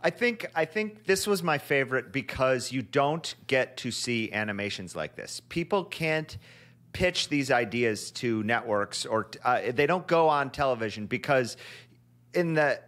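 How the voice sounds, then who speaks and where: A man chats loosely on a podcast about cartoons. He rambles through anecdotes, swears freely and laughs as he goes. His voice sits at an ordinary middle pitch. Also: lively intonation, unhurried, a bit bright. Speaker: podcast co-host. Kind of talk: casual chat.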